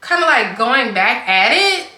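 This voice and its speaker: A young woman with a slightly high, sing-song, pushed and bright voice talks at a measured pace in an echoey room. She tells a casual storytime in a chatty, rambling way, stuffing her speech with "like".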